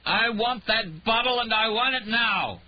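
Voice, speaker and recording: A man narrator voicing a drunk, raging male detective who snarls and shouts. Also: sits low, very animated, unhurried, dull audio, a little hiss or hum. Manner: snarling, shouting, slurred rants.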